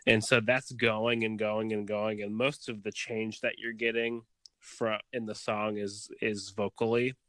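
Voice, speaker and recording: A man's voice: on the low side, level tone, unhurried, fairly bright tone, clear, resonant tone, dry recording. A man co-hosting a casual music podcast, thoughtful and analytical, with many fillers. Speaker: podcast co-host.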